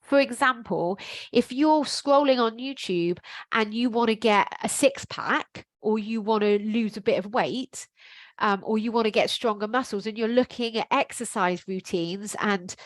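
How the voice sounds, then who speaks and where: A woman's voice: fairly high pitch, dry recording. A middle-aged woman, a life coach, giving a frank, emphatic motivational talk to camera with some casual swearing.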